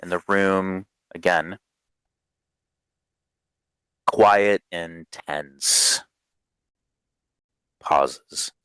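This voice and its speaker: A low-voiced man narrates a tabletop game as game master. He speaks slowly and casually, with lots of fillers and restarts. His voice is smooth and lively, recorded close and dry. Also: dry recording.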